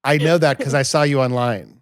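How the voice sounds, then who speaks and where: A man hosting a casual family podcast, telling stories in an animated, self-mocking way. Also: mid-range voice, brisk, crowd noise. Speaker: podcast host. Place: home podcast studio.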